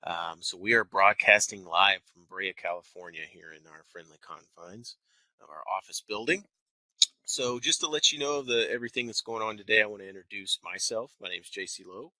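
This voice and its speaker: A man's voice: on the low side, fairly quick, pushed and bright, no echo, low-quality recording. A man in his thirties from Texas with a faint Texan twang, hosting a live webinar from an office, talking conversationally and enunciating carefully. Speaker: wealth manager hosting a webinar. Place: office building.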